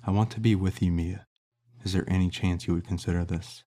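A man's voice: sits low, steady tone, brisk, dark tone. A man voicing a young man who speaks earnestly and confessionally to the woman he loves.

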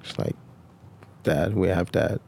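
A man's voice: deep voice, takes it slowly, gravelly, dark tone, a little hiss or hum. A young Nigerian man with a Nigerian accent, a rapper whose first language is Yoruba, answering interview questions in a laid-back way with short replies. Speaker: rapper guest. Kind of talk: casual interview chat.

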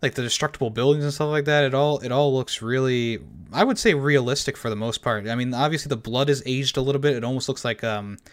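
A man's voice: mid-range voice, quick pace, few pauses. A man talking casually about a movie with friends, rambling with many fillers and restarts. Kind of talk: casual film discussion.

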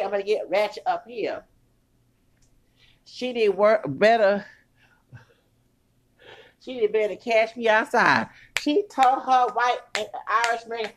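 A woman hosting a casual ranting podcast, animated, laughing often and breaking into song snippets. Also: fairly high pitch, slow pace, pauses often, slight background noise. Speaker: podcast host.

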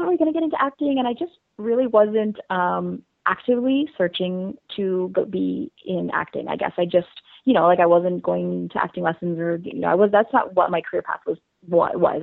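Being interviewed casually, a woman tells her story in a bubbly, rambling way full of fillers. Her voice is low and gravelly, heard over a dry, phone-like line.

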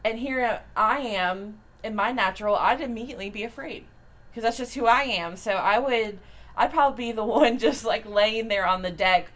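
A woman co-hosting a casual faith podcast into a studio mic, relaxed and quick to laugh. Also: on the high side. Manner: relaxed, laughing, short agreements. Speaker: podcast co-host.

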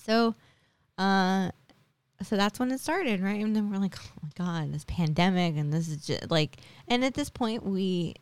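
A woman's voice: mid-range voice, measured pace, clean tone, no room sound. A woman in her forties hosting a podcast, telling a personal story in a chatty, casual way full of tag questions and fillers. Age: 40s. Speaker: podcast host.

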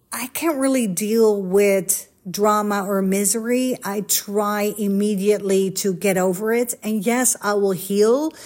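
A social media coach with a medium-pitched, slightly mellow voice chats candidly and confessionally. She tells personal stories and performs the voices of the people she quotes.

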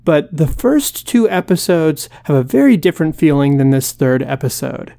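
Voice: mid-range voice, animated, normal speed, gravelly, dark tone. A podcast co-host sharing casual opinions, hedging with fillers and laughing as they talk. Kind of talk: casual commentary chat.

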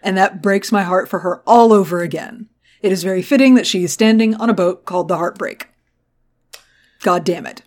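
A woman co-hosting a podcast and recapping a TV episode in casual chat. She talks animatedly, swears freely and slips into the characters' lines. Her voice sits at a middle pitch. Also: normal speed, darkish tone. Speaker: podcast co-host.

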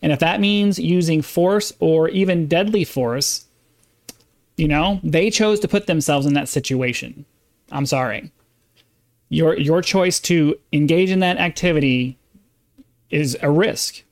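A man's voice: a little high, a little slow. A man hosting a podcast, delivering an emphatic, insistent opinion monologue with frequent restarts. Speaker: podcast host.

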